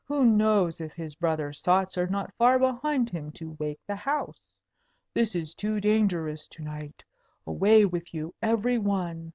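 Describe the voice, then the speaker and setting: A woman voicing a scheming nobleman who gives curt, low orders to his men, in an audiobook. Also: lively intonation, unhurried, darkish tone, muffled recording. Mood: commanding. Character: scheming nobleman disguised as a dragon.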